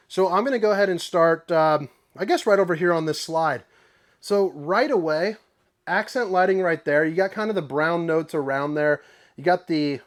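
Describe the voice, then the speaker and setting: A young man selling RVs, giving an upbeat, rambling walkthrough tour of a trailer. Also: fairly high pitch. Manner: upbeat, enthusiastic, rambling asides. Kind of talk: casual product tour.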